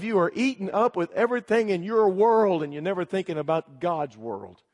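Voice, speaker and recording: A man with a high voice delivers a sermon, telling a story line by line and pressing his listeners with direct appeals. His voice rings out with the long reverb of a large hall. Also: animated, moderate pace, hardly any pauses. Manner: emphatic storytelling, repeating "he said". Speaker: preacher.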